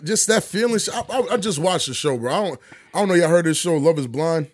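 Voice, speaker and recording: A man co-hosting a podcast in casual chat, animated and swearing, slipping into quoted voices. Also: a little high, brisk. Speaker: podcast co-host.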